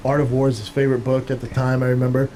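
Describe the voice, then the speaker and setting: A man's voice: medium pitch, flat delivery, racing, mellow. Casual storytelling man, faint room hiss. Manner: storytelling, swearing, acts out quotes. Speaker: podcast co-host, former fighter. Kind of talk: casual chat.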